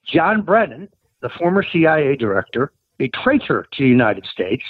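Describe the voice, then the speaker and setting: A combative man on a tinny, dry phone line hammers his points home. His voice sits fairly high and swings a lot as he presses, with a husky edge. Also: no room sound. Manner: emphatic, combative, rising to insistent highs. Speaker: guest, political operative. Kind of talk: interview over the phone.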